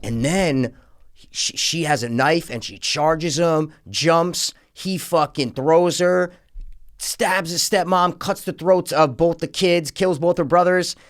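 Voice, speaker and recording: A man with a slightly higher voice co-hosts a casual movie-review podcast. He talks in an animated, profane way and acts out scenes with big reactions. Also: slow pace. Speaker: podcast co-host.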